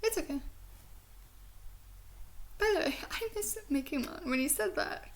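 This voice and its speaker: High-voiced giggly woman rambling. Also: animated, measured pace, slight background noise. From Southern United States. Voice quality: speech impediment that she says sounds British. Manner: chatty and giggly, with many "like" fillers and soft whispered asides. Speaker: video reviewer. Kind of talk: casual rambling review.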